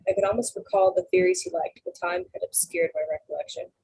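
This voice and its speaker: A woman's voice: medium pitch, very animated, quick pace, creaky, darkish tone, breathy edge, low-quality recording. A woman casually reading a novel aloud in first person, stumbling over words now and then and correcting herself as she goes. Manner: unpolished reading with slips and self-corrections. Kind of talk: casual read-aloud narration.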